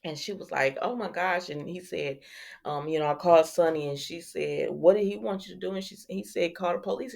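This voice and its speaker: A woman's voice: fairly low pitch, gravelly. A woman who recaps soap opera episodes in a casual, chatty way, acting out the dialogue and laughing often. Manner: animated, acts out the quotes, laughs often.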